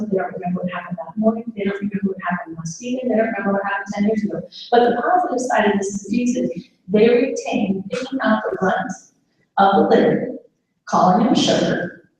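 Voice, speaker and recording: Leading a live workshop for dementia caregivers, a woman draws listeners in with questions and keeps them engaged. Her mid-range voice has a darkish tone. The recording catches an echoey room, a distant mic, and faint noise.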